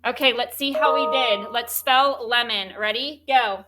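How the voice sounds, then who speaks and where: A woman teaching a third grade spelling lesson, spelling words out slowly and clearly letter by letter. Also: a little high.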